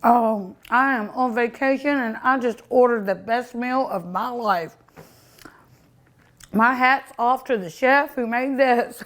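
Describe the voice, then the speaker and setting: A woman hosts a casual food tasting vlog, her voice on the high side and her pace slow. She tastes her cooking with many delighted mmms, sometimes talking with her mouth full as she chats to her dog and her viewers.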